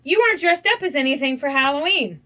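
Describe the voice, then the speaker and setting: A woman voicing an excitable, boisterous male tiger who talks loudly and eagerly. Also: sits high, quick pace. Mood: curious.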